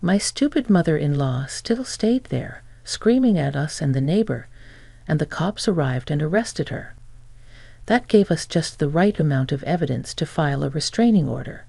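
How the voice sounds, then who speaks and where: A woman reading a scripted first-person story in an even, matter-of-fact way. Her voice is creaky and mellow, sitting at a middle pitch. It is recorded close and dry with no room sound. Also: normal speed, no room sound. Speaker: narrator.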